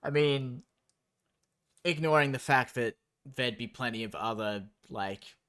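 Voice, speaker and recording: A young man reads a story aloud to his stream at a slow, drawn-out pace. His medium-pitched voice keeps breaking off into incredulous, cursing, sarcastic commentary. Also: fairly bright tone, clear, resonant tone. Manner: incredulous, profane, sarcastic asides.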